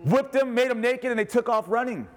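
A man's voice: extremely high pitch, fairly quick. A man preaching a fervent, emphatic sermon as pastor in a church, using repeated rallying phrases. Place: church sanctuary with a responding congregation.

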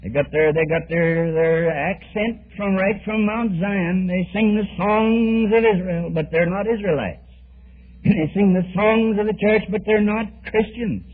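Husky-voiced preacher on a tinny old recording. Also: male voice, high voice, measured pace. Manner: earnest, emphatic preaching with repeated restarts. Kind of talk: sermon.

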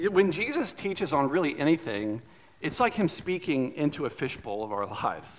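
A man's voice: fairly high pitch, animated, a little fast. A man preaching a sermon as pastor, telling stories in a conversational way with light humor.

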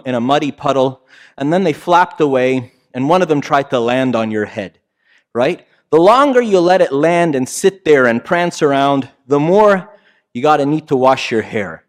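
Middle-aged male pastor, casual sermon delivery, higher-pitched, rises to emphatic bursts and drops to soft asides. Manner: conversational preaching with frequent "right?" asides.

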